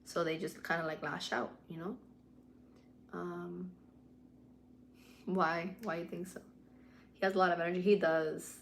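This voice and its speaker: Lowish-voiced woman chatting on a livestream. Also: fairly even intonation, unhurried, gravelly, long pauses, slight background noise. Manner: mixes english and spanish, swears freely, candid. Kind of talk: casual livestream chat. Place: home at night.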